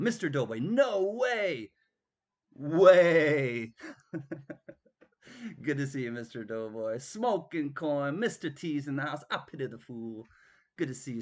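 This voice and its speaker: A man hosting a live online auction, greeting viewers by name in a playful, drawling way with bits of song. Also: on the high side. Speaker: auction host. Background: guitar music.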